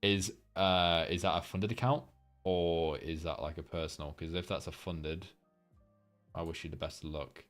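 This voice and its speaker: A man's voice: deep voice, steady tone, normal speed, fairly bright tone, faint music behind. A young man hosting a casual live market breakdown, rambling loosely, swearing freely and filling gaps with ums while he reads chat. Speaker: trading livestream host.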